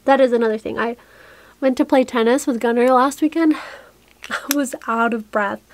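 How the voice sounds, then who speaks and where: A woman's voice: fairly high pitch, moderate pace, dry recording. A young woman vlogging in a chatty, rambling way, a little out of breath, talking to her camera in a cluttered room. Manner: rambling, breathless, restarts often. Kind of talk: chatty get-ready-with-me vlog. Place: small cluttered room indoors.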